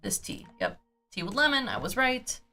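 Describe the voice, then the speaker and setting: Her fairly high, pushed, bright voice swings hugely in pitch at a moderate pace, with faint music behind it. The woman is streaming a cozy farming game from home, talking goofily to herself and humming and scatting while she sorts her items.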